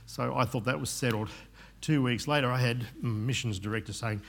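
A man's voice: mid-range voice, fairly quick, gravelly. Male pastor, fifties, earnest sermon delivery with rambling asides, mid-range voice.

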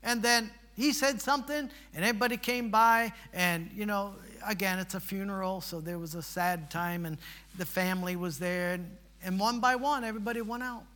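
Male preacher, sermon storytelling; high and very bright, folksy, builds to emphatic peaks. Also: moderate pace.

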